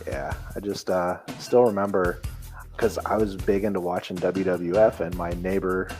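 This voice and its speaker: A man's voice: sits low, steady tone, moderate pace, a little mellow, soft background music. A man from Memphis, Tennessee, co-hosting a podcast in easygoing casual chat, telling stories without a Southern accent. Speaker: podcast co-host.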